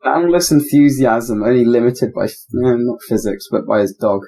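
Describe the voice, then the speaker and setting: A man's voice: medium pitch, normal speed, mellow. A man at a tabletop game, chatting in a wry, rambling way. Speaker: player. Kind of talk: casual chat at a game table.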